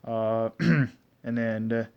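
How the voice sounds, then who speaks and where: Casual male reviewer, rambling recap, keeps clearing his throat, dull lo-fi sound. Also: lowish voice, fairly even intonation, drawn-out words. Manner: rambling, frequent throat clearing, heavy fillers and cursing. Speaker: anime reviewer. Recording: dull lo-fi recording.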